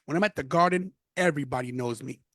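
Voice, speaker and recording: Man from new york, podcast guest, high voice, dry close sound. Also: fast talker, dry recording. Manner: animated storyteller. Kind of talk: casual interview.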